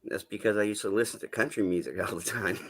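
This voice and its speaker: A man's voice: fairly low pitch, fast talker. A man from New England with a Southern-tinged accent, chatting casually on a live stream panel, rambling and swearing with easy laughs. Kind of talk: casual chat.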